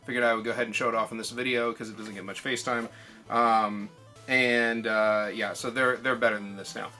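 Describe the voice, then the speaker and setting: A man hosting a video channel, giving a casual how-to tutorial in a relaxed, chatty way with plenty of ums and uhs. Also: on the low side, a little fast, soft background music.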